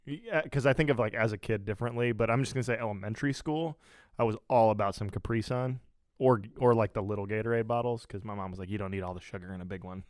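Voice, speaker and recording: A man's voice: on the low side, quick pace, a little mellow, dry recording, studio quality. A man hosting a faith podcast, talking loosely with many fillers and restarts. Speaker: podcast host. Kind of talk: casual podcast chat.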